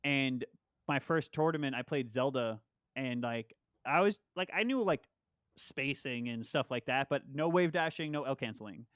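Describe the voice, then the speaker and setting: A man's voice: medium pitch, moderate pace, a bit bright, no room sound. Rambling young man, dry close sound. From Long Island, New York. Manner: rambling, loose, swears often. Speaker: guest Smash player. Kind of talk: casual podcast chat.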